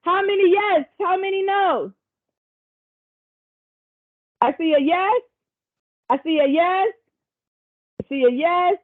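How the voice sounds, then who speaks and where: A woman's voice: extremely high pitch, lively intonation, slow, long pauses. A woman presenter facilitating a virtual workshop over a video call, chatty and encouraging, with casual asides to the group. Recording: tinny video call audio.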